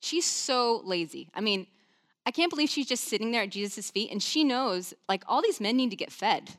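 A woman's voice: on the high side, lively intonation, normal speed, fairly bright tone. A woman preacher voicing an overworked, exasperated hostess muttering indignantly under her breath.

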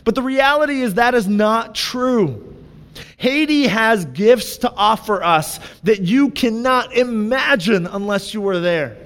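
A man's voice: sits high, animated, a little slow, fairly bright tone, big-room sound. A young man preaching a sermon to his church, chatty and candid, with frequent asides to the congregation. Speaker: pastor. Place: church sanctuary.

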